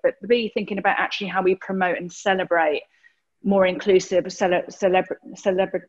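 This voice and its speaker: A woman's voice: medium pitch, husky, lo-fi sound. A woman agency executive speaking on a panel discussion, thinking aloud with frequent restarts. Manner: rambling, restarts, stumbles over words.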